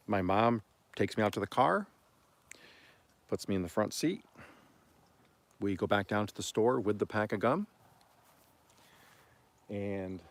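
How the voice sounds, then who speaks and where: A man from Oklahoma hosting a homestead livestream, telling stories in a rambling, folksy way and often clearing his throat. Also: fairly low pitch, dry recording. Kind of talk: casual storytelling on a livestream.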